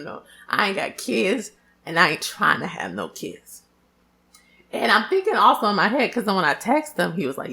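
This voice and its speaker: A young woman vlogger telling a story to her viewers in a loud, expressive, swearing casual style. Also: lowish voice, gravelly. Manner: loud, expressive, swearing freely, drawn-out exclamations.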